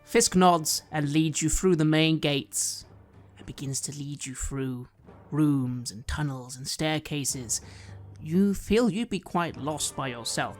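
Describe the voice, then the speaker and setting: A game master narrating a fantasy tabletop game in a descriptive, unhurried way. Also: medium pitch.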